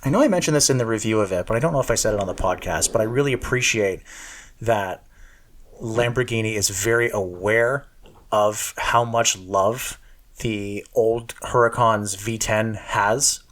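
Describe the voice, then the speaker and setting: Man, lowish voice, casual podcast co-host, chatty, self-deprecating. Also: normal speed, a bit bright.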